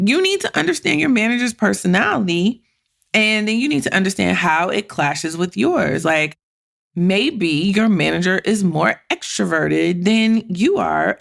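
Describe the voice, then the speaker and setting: A woman's voice: on the low side, creaky, husky. A woman hosting a career podcast, talking casually and bluntly, swearing freely and acting out her own thoughts. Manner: blunt, profane and animated, with many quoted inner voices. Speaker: podcast host. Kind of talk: casual solo podcast talk.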